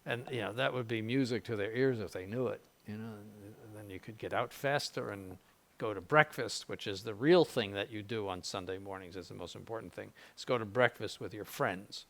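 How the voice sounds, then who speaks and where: Older male bishop, informal seminary conference, gravelly voice, rambling with wry asides. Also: on the low side, brisk, fairly bright tone. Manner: conversational, repeats words, mild jokes, ironic asides.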